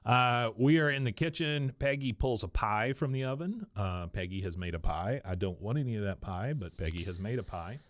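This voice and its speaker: A man co-hosting a podcast, recapping an episode in a dry, deadpan way. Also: fairly low pitch, normal speed, hardly any pauses, dry recording. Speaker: podcast co-host. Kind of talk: casual chat recapping an episode.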